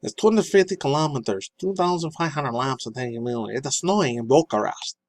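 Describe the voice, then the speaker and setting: A man's voice: a little high, expressive, a little fast, darkish tone, no echo, natural voice. A man mimicking a boastful jailed man in an exaggerated accent, mocking him as he reads the lines. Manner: mocking, laughing through the lines. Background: lofi music.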